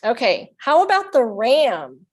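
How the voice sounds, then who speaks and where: A woman's voice: fairly high pitch, sing-song, measured pace. A woman leading a children's storytime, reading aloud and playfully making animal sounds with the kids. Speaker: children's librarian.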